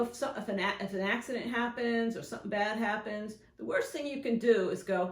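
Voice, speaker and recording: A woman's voice: medium pitch, fairly quick, hardly any pauses. Chatty woman groomer in an echoey room. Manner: chatty and rambling, often acting out examples. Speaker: professional dog groomer and shop owner. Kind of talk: casual instructional talk to camera. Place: grooming salon.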